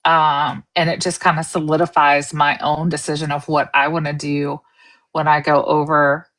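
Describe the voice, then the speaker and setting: A woman with a notably low voice co-hosts a relaxed livestream talk. She speaks reflectively and thinks things through as she goes. The tone stays casual and personal. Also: normal speed. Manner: reflective, thoughtful.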